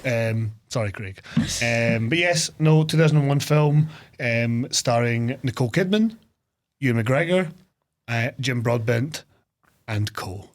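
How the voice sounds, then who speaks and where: A man's voice: medium pitch, a little slow. Jokey Scottish man, laughing often. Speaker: podcast co-host. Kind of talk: casual chat.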